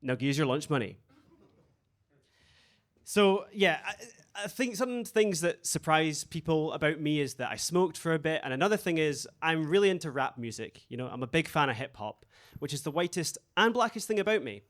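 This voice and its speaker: A man's voice: fairly high pitch, expressive, a little fast, a bit bright. A man from Dundee doing a stand-up set in a club basement, with a dry, self-mocking delivery full of tag questions. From Dundee, Scotland. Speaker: stand-up comedian. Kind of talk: stand-up routine.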